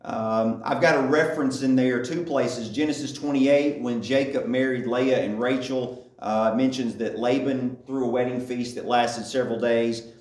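A man's voice: medium pitch, steady tone, normal speed, hardly any pauses, darkish tone. A man giving a conversational Bible teaching, often checking in with his listeners. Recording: echoey room.

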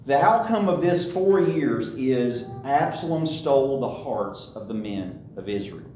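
Echoey preacher checking in with "okay?". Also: male voice, medium pitch, very animated, measured pace, darkish tone, a little hiss or hum. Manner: conversational, often asks "okay?" to check understanding. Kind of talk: sermon. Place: church sanctuary. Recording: echoey hall, far from the mic.

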